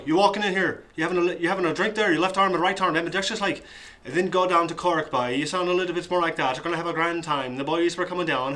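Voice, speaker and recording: A man's voice: fairly high pitch, bright, forceful tone. A man comedian running through accents in a loose, rambling way.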